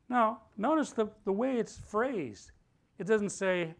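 A pastor preaching a sermon, leading the congregation in call-and-response and rising to loud, emphatic declarations. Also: male voice, sits high, very animated, unhurried. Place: church hall.

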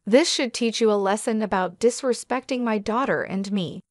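A woman's voice: medium pitch, normal speed, no echo, clean studio sound, natural voice. A woman voicing a fierce mother confronting her husband in a read-aloud story, firm and indignant.

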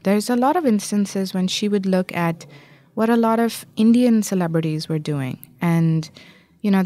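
A woman journalist and author answering interview questions, telling a story fluently and with lively emphasis. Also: medium pitch, no room sound.

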